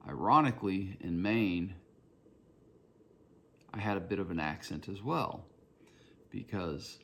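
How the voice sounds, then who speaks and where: A man's voice: deep voice, expressive, slow, fairly bright tone, slight background noise. A man with a Southern Georgia accent, hosting his own podcast in a reflective, rambling solo monologue. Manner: reflective, meandering, personal storytelling. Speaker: podcast host.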